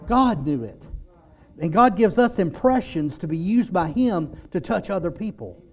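A man's voice: sits high, animated, a little slow, a little mellow. A man preaching a sermon, telling stories and acting out the lines of the people in them. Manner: storytelling, acts out quotes, imitates muffled "wah wah" voice.

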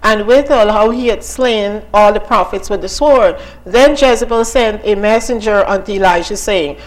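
A woman's voice: mid-range voice, moderate pace, few pauses, poor audio. A woman giving an informal sermon and testimony as a Bible teacher, talking conversationally with many asides and questions to her listeners.

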